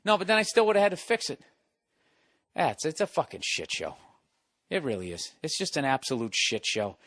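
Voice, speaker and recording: A man's voice: a little high, wildly swooping pitch, brisk, fairly bright tone, dry recording, studio quality. A man hosting a podcast from his home, delivering a profane, exasperated solo rant. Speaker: podcast host. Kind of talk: solo ranting monologue.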